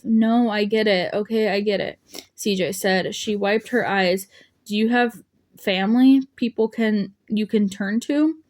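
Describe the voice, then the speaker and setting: A woman's voice: mid-range voice, darkish tone. A woman narrating an audiobook, voicing the dialogue lightly, with small slips and restarts. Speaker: audiobook reader.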